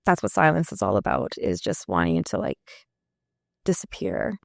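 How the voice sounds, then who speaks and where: Woman musician talking it through, lots of um and like, gravelly voice. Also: extremely low pitch, wildly swooping pitch, normal speed, no room sound, clean studio sound. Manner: candid, reflective, many fillers. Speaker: musician guest. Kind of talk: casual interview talk.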